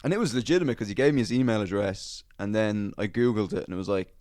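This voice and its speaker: Male podcast host, low voice, rambling casual storyteller. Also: fast talker, darkish tone. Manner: rambling storyteller, swears freely, many "uh"s. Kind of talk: casual chat.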